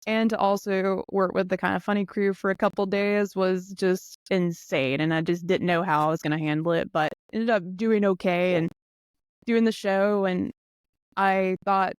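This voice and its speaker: A woman's voice: medium pitch, little pitch movement, normal speed, clean tone, no echo, studio quality. A woman guest on a podcast, chatting casually and laughing often. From eastern United States. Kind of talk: casual chat.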